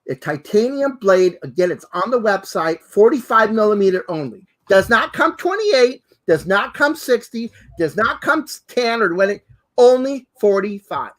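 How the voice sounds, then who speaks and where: A man with a high voice that leaps all over the place, demonstrating sewing gadgets with gushing excitement. He keeps exclaiming how fabulous things are. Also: moderate pace. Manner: exuberant, exclaims and repeats "fabulous" and "hello". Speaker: costume designer and co-host. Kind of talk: enthusiastic product demo chat.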